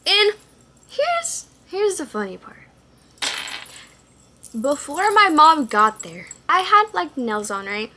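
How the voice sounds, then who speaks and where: Bright, animated young woman vlogger. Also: high-pitched, slow, pauses often, slight background noise. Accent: Texan. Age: young adult. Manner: animated, slangy, swears and acts out quotes. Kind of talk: casual storytime.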